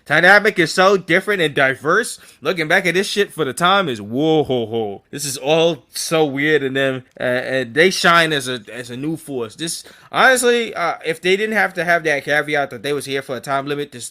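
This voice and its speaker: Animated young man chatting, raised pitch. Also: moderate pace, few pauses. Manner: animated, swears freely, acts out quotes in other voices. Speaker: podcast co-host. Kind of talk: casual chat reviewing a TV episode.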